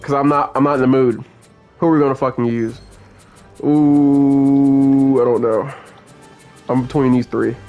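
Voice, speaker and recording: A man's voice: mid-range voice, level tone, measured pace, pauses often, darkish tone. A young man giving gameplay commentary as a channel host, angrily ranting and cursing at the game. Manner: angry, profane ranting at the game. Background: game music.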